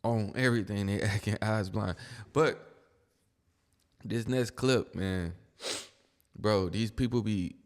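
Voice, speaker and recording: A man's voice: lowish voice, takes it slowly, pauses often, long reverb tail. A man giving casual reaction commentary in a blunt, slangy, exasperated manner.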